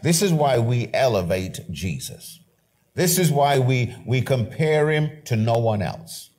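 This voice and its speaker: Man, middle-aged pastor, emphatic sermon delivery, mid-pitched voice, slows down to read scripture. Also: darkish tone. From Canada. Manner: emphatic preaching, slows right down on scripture quotes, repeats key phrases.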